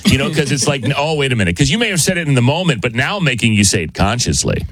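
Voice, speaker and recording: A man's voice: medium pitch, quick pace, husky, no echo. A man hosting a radio show, bantering casually with co-hosts and callers and laughing often. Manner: animated, laughs often, teasing.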